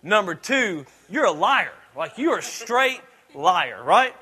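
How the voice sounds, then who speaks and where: A man preaching a sermon, his voice sitting high and ringing bright. He retells scripture in a casual, joking way, slipping into quoted lines along the way. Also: very animated, unhurried, slightly rough. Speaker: pastor.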